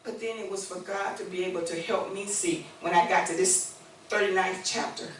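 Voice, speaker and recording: A woman's voice: fairly low pitch, fairly even intonation, moderate pace, fairly bright tone, slight background noise. Woman preacher in her sixties, echoey church. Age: 60s. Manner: conversational preaching, rising to emphatic declarations. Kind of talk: sermon with call-and-response. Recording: echoey church room, mic far off.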